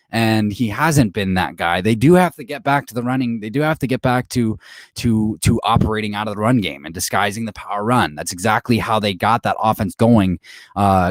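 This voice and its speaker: Animated male sports host, dry sound. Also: mid-range voice, dry recording. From not from Boston. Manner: animated, swears when ranting, reads chat aloud. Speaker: podcast host. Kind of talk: casual sports talk livestream.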